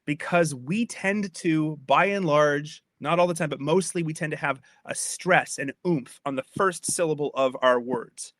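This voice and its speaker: Man, podcast host, casual lecture, somewhat high voice, a bit tipsy, repeats himself, dry close sound. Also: a little slow, few pauses, a bit bright, no room sound. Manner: chatty, repeats and restarts phrases, checks in with listener. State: slightly tipsy from wine. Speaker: podcast host explaining Old English poetry.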